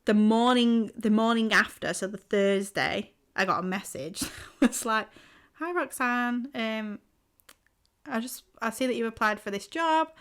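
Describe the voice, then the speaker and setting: A woman's voice: a little high, a little slow, a bit bright, smooth. A young woman, co-hosting a podcast, telling a long story in a rambling way with lots of "like" and casual swearing. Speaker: podcast co-host. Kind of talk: casual chat.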